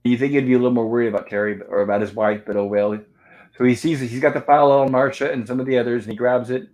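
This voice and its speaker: A man at a mid-range pitch hosts a live panel movie review. He retells the film step by step, reading lines aloud as the scenes play. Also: steady tone, quick pace, darkish tone. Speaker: host.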